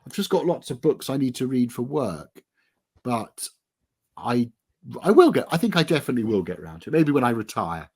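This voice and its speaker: A man's voice: mid-range voice, very animated, moderate pace, darkish tone, husky. A man being interviewed as an author, chatting casually in a self-deprecating, rambling way. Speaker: author guest.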